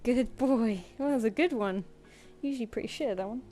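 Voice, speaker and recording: A woman's voice: fairly high pitch, fairly quick, warm tone, faint music behind. A British woman chatting casually on a live stream at home, cooing at her cat and giving it commands between comments. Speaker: artist streamer. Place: home room.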